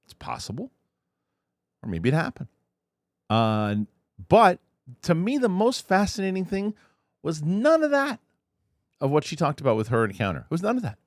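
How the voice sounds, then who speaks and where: A man's voice: fairly high pitch, sing-song, brisk, dry recording, clean studio sound. A man hosting a show, giving loose, chatty commentary with frequent restarts. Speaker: host. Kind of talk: casual commentary.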